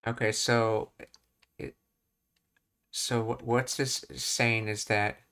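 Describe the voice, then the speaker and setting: Slow, halting man thinking aloud. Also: medium pitch, level tone, pushed and bright, clean tone. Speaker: Japanese learner walking through anime dialogue. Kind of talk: thinking-aloud study session.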